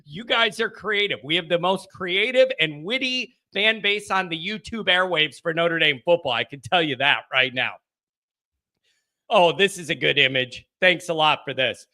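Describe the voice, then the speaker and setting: Rowdy, excitable bright-voiced man. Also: a little high, moderate pace. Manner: rowdy and excitable, jokey, shouts bits for effect. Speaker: host of a fan call-in show. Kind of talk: live-stream chat, reading fan comments.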